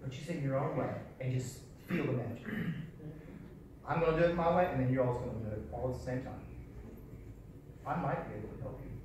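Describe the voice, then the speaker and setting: A man teaching a live sales seminar in a folksy, animated way, repeating his key phrases. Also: mid-range voice, quick pace, a little hiss or hum. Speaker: sales trainer. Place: large echoey hall. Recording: echoey hall, voice from far off.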